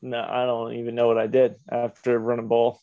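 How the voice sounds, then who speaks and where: A man's voice: mid-range voice, completely flat delivery, a little fast, dry recording. A man co-hosting a podcast in casual chat, cutting in briefly with easygoing remarks. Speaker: podcast co-host. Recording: dull, dry lo-fi audio.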